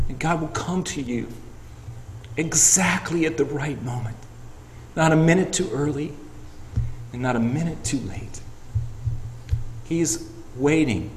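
A man preaching a sermon, swinging from loud, emphatic peaks to hushed, quiet stretches. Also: on the high side, slight background noise. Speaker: pastor. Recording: echoey hall with long reverb.

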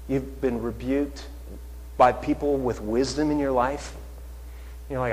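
Pastor preaching in a reverberant hall. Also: male voice, mid-range voice, fairly even intonation, measured pace, a little hiss or hum. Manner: conversational preaching with rhetorical questions and swings in loudness. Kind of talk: sermon. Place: church sanctuary. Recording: long reverb of a large hall.

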